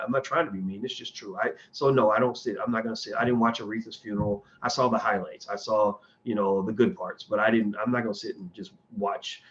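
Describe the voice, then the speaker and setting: With a medium-pitched voice and the highs cut off, a man hosts a casual livestream and takes questions from viewers. His manner is blunt, opinionated and rambling, and he often restarts what he's saying.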